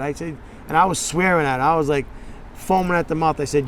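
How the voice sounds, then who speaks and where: Guy in a doc interview retelling phone calls, slightly high voice, faint hum behind. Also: quick pace. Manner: animated, acts out phone calls with quoted voices. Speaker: documentary interviewee, state representative. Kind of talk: interview storytelling.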